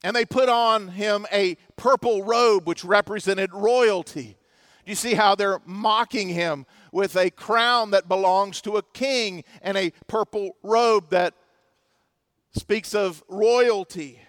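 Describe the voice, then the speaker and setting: A man preaching a sermon with passion, swinging between loud emphasis and hushed, solemn moments. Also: high voice, slow pace, no echo, studio quality. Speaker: pastor.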